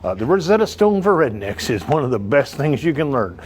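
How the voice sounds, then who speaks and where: A middle-aged man who owns a car dealership, giving a comedic sales pitch that rambles off topic with jokes and asides. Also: very animated, a little fast, a little hiss or hum.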